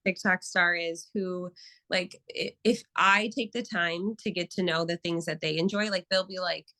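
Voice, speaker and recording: A young woman with a low-set but bright, forceful voice chats as a therapist guest in an interview. She tells lively stories and acts out the people in them. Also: moderate pace, poor audio. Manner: animated storytelling with acted quotes. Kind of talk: casual interview talk.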